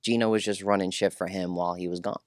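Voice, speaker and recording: A man with a low voice spins a rambling, profane story in casual interview talk. The sound is close and dry, with no room around it. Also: fairly even intonation, quick pace, clear, resonant tone, no room sound. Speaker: podcast guest.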